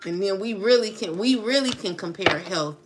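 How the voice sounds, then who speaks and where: A woman's voice: mid-range voice, expressive, moderate pace. A woman doing a casual tarot reading, taunting and laughing as she talks to her viewers. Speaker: tarot reader. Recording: music playing underneath. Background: music.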